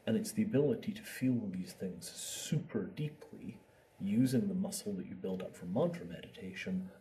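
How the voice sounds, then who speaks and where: A man's voice: lowish voice, moderate pace, warm tone. A man giving an informal talk on meditation. He acts out inner thoughts and repeats words to make his points. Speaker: meditation teacher. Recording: distant mic with faint ambient noise.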